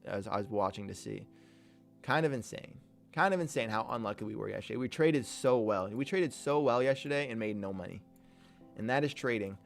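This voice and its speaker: A man hosting a live day-trading stream, chatting casually and hyping up viewers in slangy, upbeat talk. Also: medium pitch. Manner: hype, calls viewers "King", slangy and upbeat. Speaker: day-trading livestream host.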